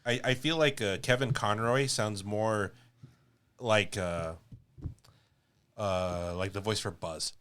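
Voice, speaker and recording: Low-voiced chatty man. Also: a bit bright, clear, resonant tone. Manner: chatty, laughs often, halting restarts. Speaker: podcast co-host. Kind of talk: casual chat.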